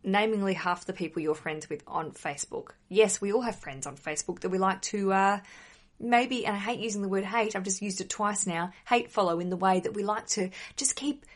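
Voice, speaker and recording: A woman's voice: mid-range voice, fairly quick. A woman hosting a wedding advice podcast, chatty and emphatic, blunt with some mild swearing.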